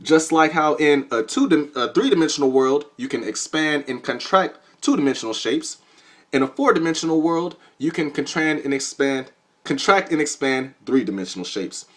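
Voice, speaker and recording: A man voicing a calm, lecturing female hypersphere. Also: a little high, moderate pace. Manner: patient, matter-of-fact lecturing.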